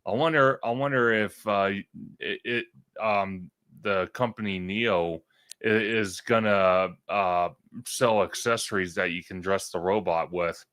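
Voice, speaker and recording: A man co-hosting a casual livestream chat, agreeing loudly and often tripping over his words. His voice is lowish but bright and forceful. The sound is dry and close. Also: measured pace, no room sound. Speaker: podcast co-host.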